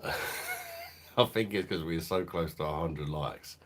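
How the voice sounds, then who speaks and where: A middle-aged beer reviewer on a home live stream speaks slowly in a low-pitched, slightly bright voice with huge pitch swings. He chats casually, uses profanity, laughs often and reads the chat aloud.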